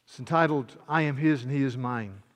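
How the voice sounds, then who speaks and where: Impassioned preacher in a reverberant hall. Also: male voice, medium pitch, brisk. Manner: impassioned, swings from loud proclamation to quiet intimacy. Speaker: pastor. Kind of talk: sermon.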